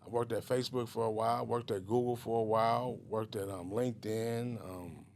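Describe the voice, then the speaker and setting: A man's voice: lowish voice, steady tone, normal speed, creaky, darkish tone, a little hiss or hum. A middle-aged man from Richmond, California, a guest telling his life story in a rambling, casual way with many fillers and restarts.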